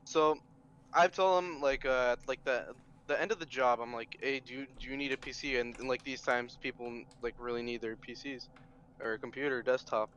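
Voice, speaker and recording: A man's voice: medium pitch, steady tone, a little fast, a bit bright. A man chatting casually on a voice call, rambling with many fillers. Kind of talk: casual chat. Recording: dull voice call audio with faint noise.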